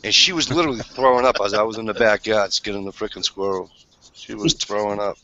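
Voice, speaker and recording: A man's voice: lowish voice, steady tone, fast talker, bright, forceful tone, highs cut off. A man telling crude, blunt anecdotes in a casual group chat. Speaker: panelist.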